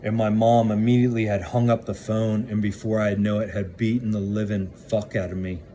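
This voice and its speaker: A man's voice: fairly low pitch, level tone, fairly quick, warm tone, slight background noise. A man casually recounting his own past in a candid, blunt way that includes swearing. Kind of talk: casual first-person storytelling.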